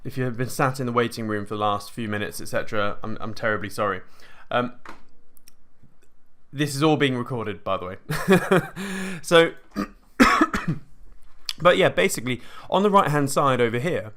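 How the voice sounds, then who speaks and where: In a casual live screen-share on crypto trading, a British host chats and rambles, often clearing his throat and revising sentences midway. His medium-pitched, fairly bright voice is expressive, moving at a moderate pace with long pauses.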